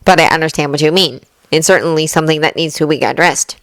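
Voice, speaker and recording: A woman's voice: low-pitched, fast, no echo. Woman doing a proper serious teen boy, earnest, dry close sound. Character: serious dutiful teenage class leader boy. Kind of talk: fanfiction reading.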